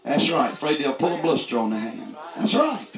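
A man preaching a fiery, folksy sermon, punctuating his points with "that's right" and rising to shouts. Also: fairly high pitch, very animated, brisk, reverberant, muffled recording.

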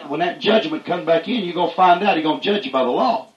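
With a quick, animated delivery, this high-pitched country preacher gives a fiery sermon in folksy, plain speech. He keeps returning to "that's right" and climbs to shouts for emphasis, while the room echoes and the recording sounds muffled.

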